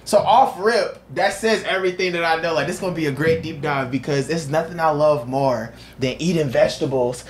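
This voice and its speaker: A man's voice: fairly high pitch, brisk, hardly any pauses, slight background noise. A man hosting a podcast in casual chat, loose and slangy, talking with enthusiasm. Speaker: podcast host.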